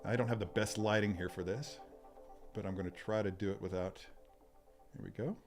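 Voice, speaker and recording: A man's voice: on the low side, fairly even intonation, a little fast. Chatty man thinking aloud on a stream. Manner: reads out and answers viewer comments. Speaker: live stream host. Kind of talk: casual live-stream chat while unboxing. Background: faint sci-fi music.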